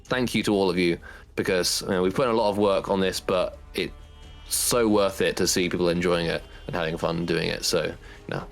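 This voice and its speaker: Host: man, deep-ish voice, casual stream chat, rambling and warm thanks, faint music behind. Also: steady tone, a little fast, gravelly. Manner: rambling, heartfelt, many fillers. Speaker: tournament organizer and host.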